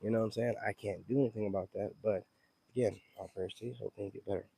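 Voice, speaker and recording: A man's voice: lowish voice, fairly even intonation, fast talker, creaky, dark tone, slightly rough, dry recording. A man chatting casually on a livestream, loose and emphatic, who keeps asking whether the listener follows him. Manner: loose, emphatic, keeps asking "you know what I'm saying". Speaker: livestream host.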